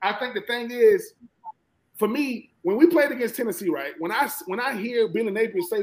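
A man from Georgia with a Southern American accent, a former college football player talking football as a guest in an animated, emphatic way and often repeating himself. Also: very high-pitched, a little slow, long pauses, rough recording. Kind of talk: casual sports talk.

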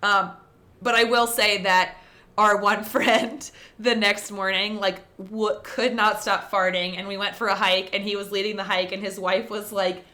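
A young adult woman with a bright, forward voice hosts a podcast with her sister. She talks in a relaxed, rambling way, telling stories with plenty of laughter and quick asides. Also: mid-range voice. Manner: animated, laughs often, rambling storytelling. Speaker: podcast co-host. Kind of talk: casual chat between sisters.

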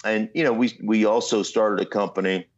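A man, a guest in an interview, telling an animated story with frequent "right?" asides and mimicked voices. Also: fairly low pitch, fairly quick, breathy edge. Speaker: guest, former football player and entrepreneur. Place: remote from home city. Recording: slightly muffled lo-fi audio.

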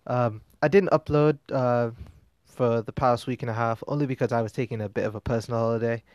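A man's voice: medium pitch, steady tone, a little fast, darkish tone, dry recording, clean studio sound. A man hosting a music commentary show, talking casually and rambling with fillers and restarts. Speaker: podcast host.

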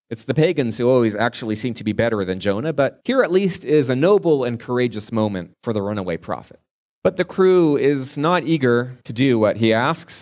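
A man's voice: medium pitch, darkish tone. A man preaching a sermon, retelling a Bible story in a vivid storytelling manner with varied pace.

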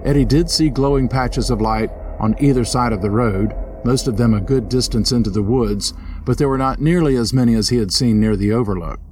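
A man narrating a scripted ghost story in a steady storytelling manner. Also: fairly quick, slight background noise. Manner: steady storyteller, voices characters with lifted pitch. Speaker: narrator and host.

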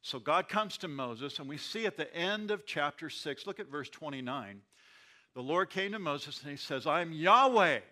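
A man's voice: on the high side, lively intonation, normal speed, pushed and bright. A man who is a pastor leading a Bible study, often repeating words and restarting phrases as he explains.

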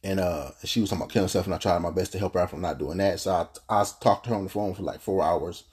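A man's voice: deep voice, rapid-fire, a little mellow, husky. A young man telling a personal story in a casual, earnest, rambling way, full of restarts. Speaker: podcast host telling his story.

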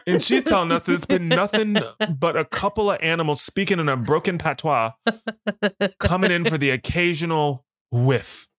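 A man's voice: on the high side, a bit bright, no echo. A man co-hosting a podcast, casually recapping a horror film scene by scene with dry jokes and quoted lines. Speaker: podcast co-host.

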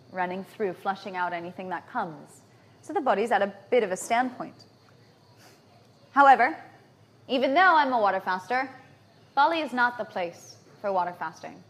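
A woman giving a lecture as a natural hygienist, often checking in with her audience through quick tag questions. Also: medium pitch, a bit bright. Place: lecture venue in Bali.

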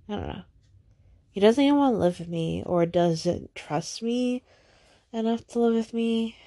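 A tearful young woman talks slowly into a close mic with a gravelly, lowish voice. She sighs a lot and trails off, circling back on herself in halting phrases. The sound is dry. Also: sing-song, warm tone, dry recording. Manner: sighing, halting, repeats herself. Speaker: podcast host. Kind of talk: solo podcast venting.

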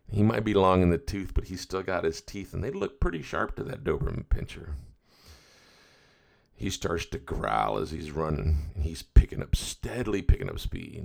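A man's voice: deep voice, vocal fry, darkish tone. A middle-aged man hosting a podcast, telling a story in a folksy, rambling way full of asides. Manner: folksy, rambling, with many "you know" asides. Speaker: podcast host. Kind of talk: casual storytelling monologue.

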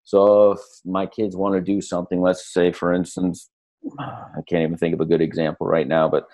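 Middle-aged guy coaching on a podcast, low voice, acts out quotes, lively. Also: moderate pace. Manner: animated storyteller acting out quotes. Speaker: podcast guest, lifestyle coach. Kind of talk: casual podcast conversation.

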